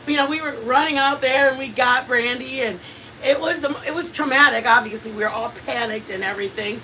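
Lady cooking and rambling through funny family stories, a bit high, mic kinda far off, faint hiss. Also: a little fast. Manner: chatty, laughing, animated storyteller. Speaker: cooking channel host. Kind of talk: casual storytelling while cooking on a live stream.

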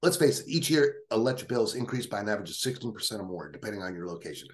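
A man doing a gabbling rushed phone salesman. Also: fairly low pitch, big pitch swings, voice pushed down. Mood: hurried. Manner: gabbling script at breakneck speed. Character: rushed male solar phone sales agent.

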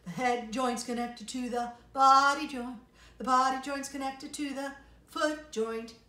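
A woman's voice: on the high side, big pitch swings, slow pace, bright, forceful tone, full character voice. A woman voicing an eager male fox who plays the flute and sings. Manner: eager, sing-song. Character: cheerful male fox flautist. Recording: roomy, distant mic.

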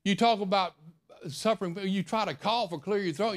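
A man's voice: sits high, moderate pace. A man preaching a sermon, telling a personal story in a folksy, intimate way. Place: church.

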